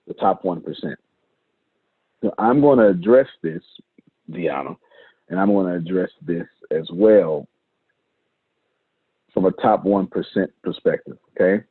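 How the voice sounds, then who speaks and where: A deep, slightly breathy male voice comes through a video call as he coaches his team live, stressing his points and repeating phrases for impact. The sound is dry and tinny like a phone line, with no echo.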